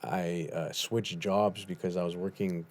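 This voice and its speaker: A man's voice: low-pitched, little pitch movement, a little slow, darkish tone. A man in his thirties, a guest on an interview show, telling his life story in an earnest, heartfelt way with lots of casual fillers.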